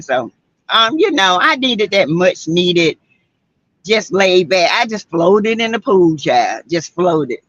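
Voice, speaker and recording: A woman's voice: mid-range voice, a bit bright, no echo, lo-fi sound. A woman with a Southern US accent from South Carolina, hosting a casual livestream and greeting viewers by name in a chatty way. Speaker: livestream host. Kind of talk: casual livestream chat reading viewer comments.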